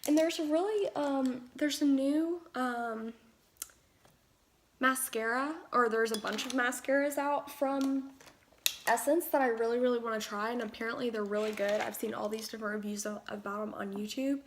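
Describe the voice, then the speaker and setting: A young woman with a slightly high voice and a gravelly, fry-tinged edge chats her way through a makeup tutorial. She rambles, drifts into asides and fills gaps with fillers, as if talking to friends from her room. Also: steady tone, moderate pace, noisy background. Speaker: beauty vlogger.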